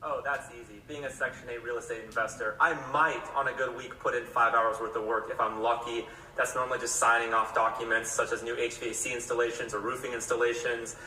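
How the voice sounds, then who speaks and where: A man answering in a deadpan, matter-of-fact way. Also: medium pitch, a little fast, slight background noise. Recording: roomy sound from a distant mic.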